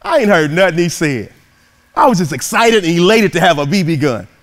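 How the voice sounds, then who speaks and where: A male motivational speaker telling a story with great drama. His voice swings widely, rising high for punchlines and dropping to a hush for suspense. The delivery is animated and preacher-like. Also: fairly quick. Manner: animated, dramatic, shifting from loud to hushed.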